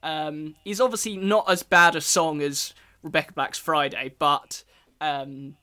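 A young man co-hosting a casual podcast, with a bright, forceful voice that sits a little high for a man. He talks haltingly, full of ums and restarts, with a wry tone. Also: fairly even intonation, clear, resonant tone. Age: young adult. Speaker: podcast co-host.

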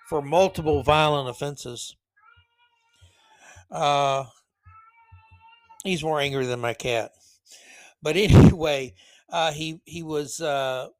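A man's voice: fairly high pitch, no echo. A man hosting a podcast, giving sarcastic, rambling opinion commentary. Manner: sarcastic, rambling, self-correcting. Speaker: podcast host.

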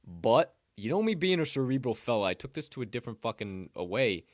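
A man's voice: medium pitch, very animated, a little fast, no echo, studio quality. A young man co-hosting a casual podcast chat, swearing often and laughing as he rambles. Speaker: podcast co-host.

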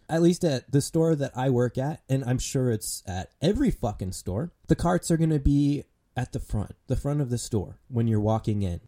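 A young man with a mellow, mid-range voice rants casually about his job as a grocery cashier. He sounds exasperated, swears often, and uses lots of fillers.

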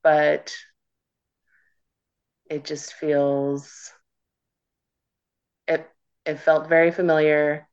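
Deep-voiced female panelist, candid and excitable, on a dull low-fi line. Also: drawn-out words, long pauses, smooth. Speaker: podcast panelist. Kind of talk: casual chat. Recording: dull lo-fi recording.

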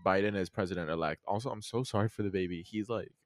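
A teenage boy with a Mexican American accent hosting a casual chat, animated, laughing often and restarting sentences. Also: deep voice, fast, dry recording. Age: teens. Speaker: podcast host.

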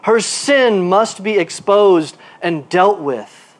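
A male pastor preaching a sermon. His delivery is animated, moving from quiet asides to emphatic bursts, and he repeats words while he looks for a phrase. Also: high-pitched, takes it slowly.

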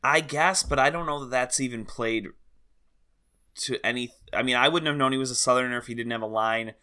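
A man's voice: medium pitch, brisk, pushed and bright, clear, resonant tone. A man co-hosting a podcast, chatting casually about a film, hesitant and full of fillers. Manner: hesitant, many fillers and restarts, easy laughs. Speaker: podcast co-host.

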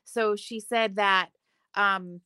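Woman host, eager and emphatic, bright clear voice. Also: medium pitch, steady tone, slow pace, no room sound. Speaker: podcast host. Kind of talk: casual chat.

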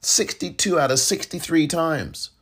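A man's voice: fairly high pitch, a little slow, a bit bright, slightly rough. A man hosting a political podcast, speaking in fiery, exasperated commentary and mocking his opponents in put-on voices. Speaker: podcast host.

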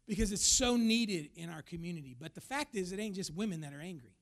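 A man's voice: fairly high pitch, animated, fast talker, hardly any pauses. A man preaching a sermon as pastor, emphatic, now and then acting out the voices of the people he talks about.

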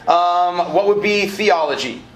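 In a high, unhurried voice, a man delivers a live sermon to college students, chatting, joking, and drawing call-and-response from the room. He directs a college ministry and preaches in a lecture hall or auditorium that sounds spacious with faint ambient noise.

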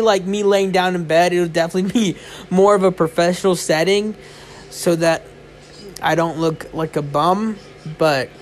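A young man with a high voice rambles on his own podcast, tired and yawning in the small hours. He fills his talk with "um" and "like." A faint hiss of noise sits behind him. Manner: rambling and chatty, many fillers. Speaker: podcast host. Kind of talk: casual solo podcast chat. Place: indoors, lying in bed.

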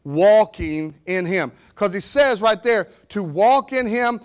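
Pastor, male, 40s, very high voice, animated sermon delivery with loud and soft swings. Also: takes it slowly. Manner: lively preaching that acts out the story characters, swinging from loud to quiet.

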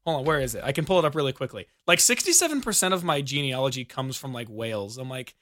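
A man's voice: mid-range voice, sing-song, quick pace, pushed and bright, no room sound, studio quality. A young American man telling rambling stories in casual podcast chat, restarting sentences and giggling. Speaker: podcast co-host.

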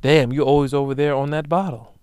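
A man's voice: a little high, fairly even intonation, brisk, darkish tone, clean tone, no echo, muffled recording, lightly acted. A man mimicking a complaining girlfriend in a whiny, exasperated tone. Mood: annoyed. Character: nagging complaining girlfriend, young adult woman.

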